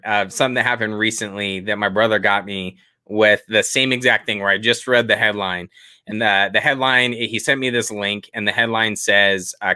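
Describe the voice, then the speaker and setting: A man telling a self-deprecating story in a casual podcast chat, laughing often along the way. His voice is bright and forward, recorded dry and close. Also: lowish voice, smooth, dry recording. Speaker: podcast co-host.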